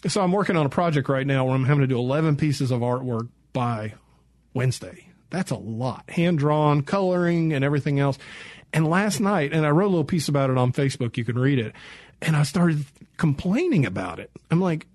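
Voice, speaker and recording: A man's voice: fairly high pitch, lively intonation, brisk, a little mellow, no room sound. A middle-aged man hosting a radio talk show, chatting casually and telling self-deprecating jokes. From Tennessee. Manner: joking, self-deprecating storyteller.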